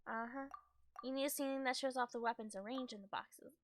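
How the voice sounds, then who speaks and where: A woman's voice: high-pitched, fairly even intonation, a little fast, no echo. A woman streaming a game, reading its text aloud and adding chatty, musing asides in casual commentary.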